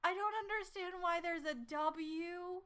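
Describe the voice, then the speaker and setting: A woman's voice: extremely high pitch, steady tone, measured pace, a bit bright. A woman in a casual chat, laughing often and teasing in exasperation over odd spellings. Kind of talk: casual chat, pronunciation game.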